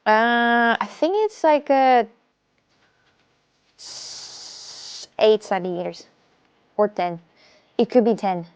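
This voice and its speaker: A woman's voice: on the high side, animated, measured pace, clean tone. A woman with a Russian accent chatting casually on a live stream from home, rambling and often stumbling over and repeating her words.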